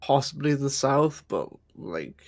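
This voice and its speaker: A man's voice: medium pitch, big pitch swings, slow, no echo, clean studio sound, soft background music. A young man chatting casually, often hesitant and trailing off, with casual swearing. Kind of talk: casual chat.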